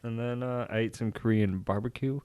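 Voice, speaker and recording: A man's voice: medium pitch, fairly even intonation, a little fast, a little mellow, smooth. A young man co-hosting a comedy podcast, talking in a rambling, jokey way, often stopping and restarting his sentences. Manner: rambling, self-interrupting, jokey. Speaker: podcast co-host. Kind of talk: casual comedy chat. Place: small studio.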